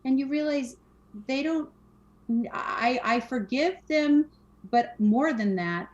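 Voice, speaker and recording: In a muffled recording, a woman with a high-sitting voice and slow pace chats as a podcast guest about mental health and spirituality. Casual but emphatic, she keeps repeating phrases and acting out the words of others.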